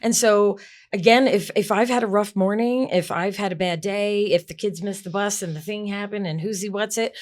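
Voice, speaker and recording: A woman's voice: medium pitch, normal speed. A woman guest in an interview, a former executive assistant, explaining emphatically with acted-out examples. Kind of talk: interview answers.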